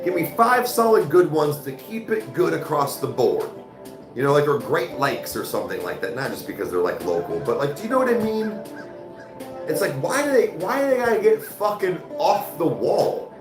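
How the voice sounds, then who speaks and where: A man hosting a live stream, chatting with viewers in a loose, profane way full of "like" and "dude". His pitch swings widely and lively. The room is echoey, with clear music playing behind him. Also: moderate pace. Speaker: livestream host. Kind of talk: casual chat reading viewer comments.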